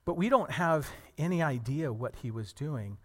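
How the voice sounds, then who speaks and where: A man preaching a sermon to a congregation, earnest and animated, telling stories and acting out the people in them. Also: fairly high pitch, moderate pace, long reverb tail. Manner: earnest, animated storytelling with acted quotes.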